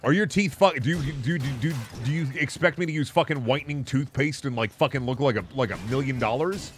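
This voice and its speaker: A man's voice: medium pitch, brisk, soft background music. A man streaming a video game, ranting and swearing in a casual, mock-outraged way. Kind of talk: casual gaming stream commentary.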